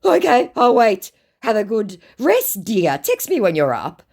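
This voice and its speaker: A woman's voice: mid-range voice, a little slow, voice pushed up, heavily acted. A woman voicing a clingy, pleading male online scammer, whining and repeating himself as she reads his chat messages aloud. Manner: whiny, repeating "calm down, okay".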